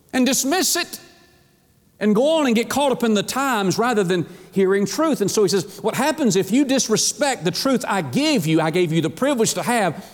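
Brief: male pastor, fervent and conversational, repeats himself, high pitch, reverberant sanctuary. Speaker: preacher. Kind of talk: sermon. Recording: long hall reverb.

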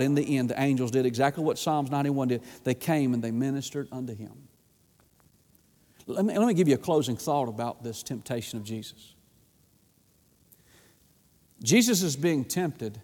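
A man's voice: medium pitch, a little mellow. A man preaching a sermon in a folksy, emphatic way, often calling out "my friend". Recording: long hall reverb.

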